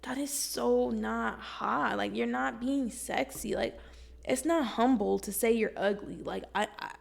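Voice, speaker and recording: Blunt, slangy young woman with gravelly fry. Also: fairly high pitch, measured pace. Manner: blunt, slangy, profane, animated. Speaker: vlogger. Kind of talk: casual self-help monologue to camera.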